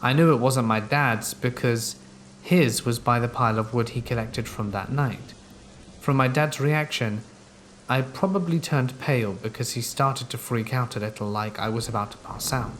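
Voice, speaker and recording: A man reads horror stories aloud in a calm, measured way, with a voice of ordinary pitch for a man. Soft, steady rain sits faintly in the background. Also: a little hiss or hum. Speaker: horror story narrator. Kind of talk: scripted first-person horror narration. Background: steady rain sounds.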